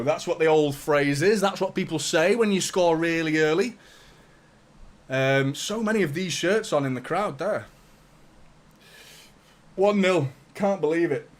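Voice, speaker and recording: Sweary football fan host. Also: male voice, fairly high pitch. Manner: chatty, swears a lot, reads out super chats. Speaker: fan channel host doing a live watchalong. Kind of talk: live match watchalong commentary.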